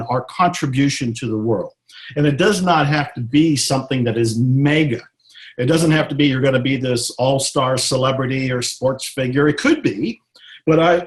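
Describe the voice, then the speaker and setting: A middle-aged man from Texas, a guest author in an interview, talking earnestly and reflectively and slowing down to stress his points. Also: mid-range voice. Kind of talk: interview, motivational talk.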